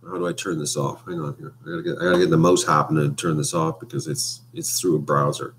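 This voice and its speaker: A man's voice: a bass voice, fast, vocal fry, a little hiss or hum. A man chatting casually on a home live stream, rambling and hesitant with many fillers. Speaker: vlogger. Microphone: webcam.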